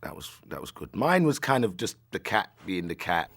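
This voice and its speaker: A man in an interview recalling a role in a relaxed, hesitant way. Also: low-pitched, normal speed, creaky. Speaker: actor interviewee. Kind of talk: interview reminiscing.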